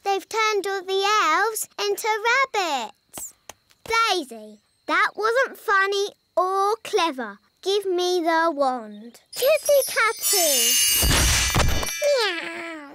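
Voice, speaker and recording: A woman's voice: very high-pitched, sing-song, drawn-out words, bright, forceful tone, a little hiss or hum, exaggerated voice. A woman voicing a small, cheerful fairy princess girl who talks in a polite, earnest and eager way. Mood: bossy. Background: children's music.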